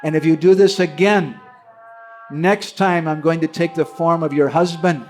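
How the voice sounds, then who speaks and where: A man's voice: on the high side, fairly even intonation, normal speed, a little mellow, soft background music, lightly acted. A man voicing a cheeky, mischievous boy who teases in a playful way. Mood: teasing. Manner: playful, teasing.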